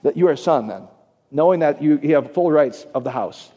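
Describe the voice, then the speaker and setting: A man's voice: a little high, expressive, brisk, warm tone. A man preaching a casual, conversational sermon as a pastor, often checking in with his audience. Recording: echoey hall, long reverb.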